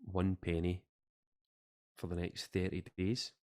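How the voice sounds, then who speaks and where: A Scottish man with a low, deep voice co-hosts a podcast. He rambles in loose, jokey chat and often trails off mid-sentence. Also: flat delivery, takes it slowly, darkish tone. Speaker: podcast co-host. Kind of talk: casual chat.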